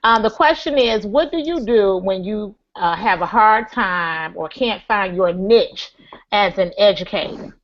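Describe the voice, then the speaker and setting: A woman moderating a live online panel discussion, speaking with frequent pauses and fillers. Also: medium pitch. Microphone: video call. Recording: lo-fi web call audio.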